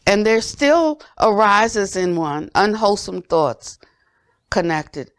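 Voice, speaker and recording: An older woman teacher giving a dharma talk, earnest and gently questioning, often dropping to soft low tones. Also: very animated, slow pace, clean tone, dry recording, clean studio sound. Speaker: Buddhist teacher.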